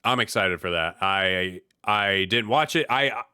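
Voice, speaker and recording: A man's voice: on the low side, a little slow, sharp tone, clean tone, dry recording, studio quality. A man from the US Midwest hosting a podcast in casual chat, laid-back with slang and frequent restarts. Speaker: podcast host.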